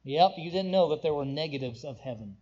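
A young pastor preaches a sermon in a voice that sits high for a man, animated and fairly quick. He rises into ringing, emphatic declarations before dropping into soft, tender passages. The recording sounds dull and lo-fi.

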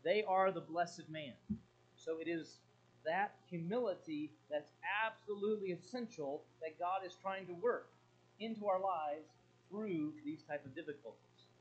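A middle-aged man preaching a sermon to a congregation, speaking animatedly and moving from emphatic, loud points to quiet, low asides. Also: unhurried. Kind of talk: sermon with audience interaction. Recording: muffled lo-fi with faint hum.

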